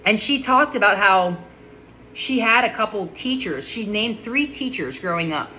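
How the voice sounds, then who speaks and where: A woman talks through a casual monologue with a bright, forward voice at an ordinary middle pitch. She sounds eager and admiring, often doubling back to restart a phrase as her thoughts run ahead. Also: animated, normal speed, slight background noise, poor audio. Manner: enthusiastic, admiring, with frequent restarts.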